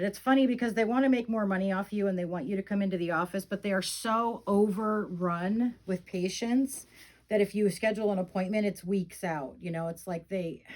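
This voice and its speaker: A middle-aged woman talking casually to her viewers in a slightly low voice. She rambles with plenty of fillers, venting her frustration before softening into fond, cooing remarks. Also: low-quality recording. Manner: rambling, frustrated venting, fond baby talk about the dolls. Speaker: reborn doll vlogger. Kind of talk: casual chat.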